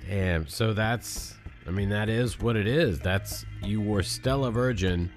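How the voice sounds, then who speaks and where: A man's voice: lowish voice, measured pace, soft background music. A man co-hosting a podcast in casual chat, joking and swearing freely. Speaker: podcast co-host.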